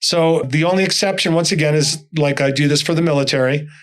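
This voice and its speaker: A man's voice: on the high side, quick pace. An older man, a motivational speaker, telling stories as an interview guest and acting out the dialogue in them. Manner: animated, acts out dialogue in stories. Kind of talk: storytelling interview talk.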